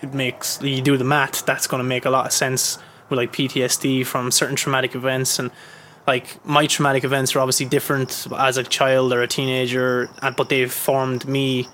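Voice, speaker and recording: A man's voice: mid-range voice, fairly quick, slight background noise. A man hosting a podcast in casual chat, swearing a lot and acting out quoted lines as he talks. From Ireland. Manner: swearing, animated storytelling with put-on quotes. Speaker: podcast host.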